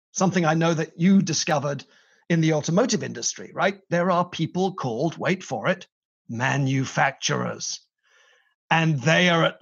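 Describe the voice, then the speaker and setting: A man's voice: fairly high pitch, gravelly, breathy edge. A middle-aged man with a British accent, a guest in a podcast interview, telling his story with energy and playful emphasis. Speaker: guest, company CEO. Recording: dull lo-fi audio.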